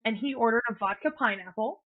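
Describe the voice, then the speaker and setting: Woman podcast co-host, chatty storyteller, slightly high voice, muffled lo-fi sound. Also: fairly quick. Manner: animated storyteller, acts out quotes, swears. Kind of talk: casual storytelling chat. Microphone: podcast mic, remote call.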